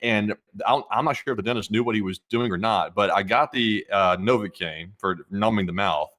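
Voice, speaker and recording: A man chatting casually on a live stream, his voice on the lower side. He talks quickly and rambles, with lots of fillers and restarts. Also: a bit bright. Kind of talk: casual chat.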